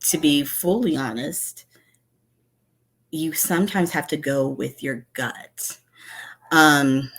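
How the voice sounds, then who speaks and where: A woman, giving a candid, conversational conference talk from home that mixes personal stories with advice. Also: low voice. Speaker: conference speaker, instructional designer.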